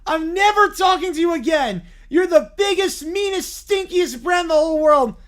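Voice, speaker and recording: A man's voice: very high-pitched, expressive, moderate pace, a bit bright. A text-to-speech voice playing a male bear hockey fan who whines and wails over a loss. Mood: furious. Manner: wailing, petulant complaints. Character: whiny bear, sore hockey fan, throwing tantrums.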